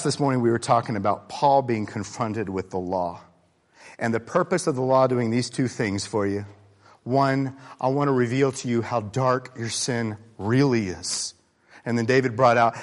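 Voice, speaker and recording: Male pastor, sermon, conversational, candid, mid pitch. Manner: conversational, candid, swings between loud emphasis and quiet asides.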